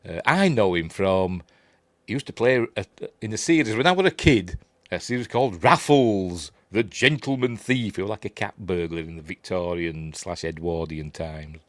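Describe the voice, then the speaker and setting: Speaking with a Yorkshire accent in a low-pitched voice at a moderate pace, this middle-aged Yorkshireman runs a casual live review show, reading viewer chat aloud and laughing at his own jokes. There's no echo.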